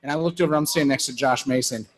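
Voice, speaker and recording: A man's voice: mid-range voice, racing. A man co-hosting a casual sports chat, joking and teasing the guest. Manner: jokey, teasing, animated. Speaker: podcast co-host.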